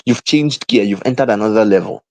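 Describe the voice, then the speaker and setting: A man's voice: on the low side, brisk. Emphatic man coaching online. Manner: emphatic, repetitive, addresses the chat. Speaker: mentor and coach. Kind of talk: live online motivational lesson.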